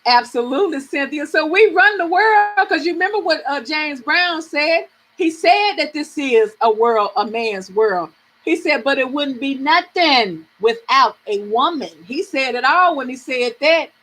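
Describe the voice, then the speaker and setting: A woman's voice: sits high, animated, normal speed, a bit bright, low-quality recording. A middle-aged woman from the American South, hosting a live reading stream and chatting frankly with viewers, swearing freely and laughing often.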